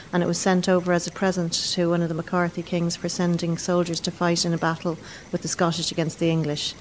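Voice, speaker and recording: Brief: Irish woman gardener, low flat delivery, faint rumble behind, matter-of-fact interviewee. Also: low-quality recording. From Ireland. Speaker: head gardener. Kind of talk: interview answers.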